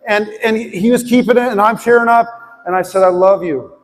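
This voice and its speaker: Male pastor preaching, earnest and heartfelt, high voice, big echoey church hall. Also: fairly even intonation, a little fast. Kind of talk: sermon with personal story and prayer. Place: church sanctuary. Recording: long hall reverb, faint music.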